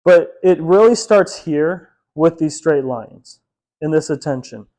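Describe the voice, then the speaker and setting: Male dog trainer, slightly high voice, loose chatty teaching with frequent laughs. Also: expressive, unhurried, warm tone. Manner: casual, chatty, laughs often, many "like" fillers. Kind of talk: hands-on training lesson.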